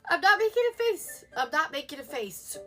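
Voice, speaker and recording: A woman's voice: sing-song, moderate pace, fairly bright tone, faint music behind. A woman voicing an exasperated, sarcastic teenage daughter who whines and pleads in a comedy sketch. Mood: whiny. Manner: whiny, high and pleading.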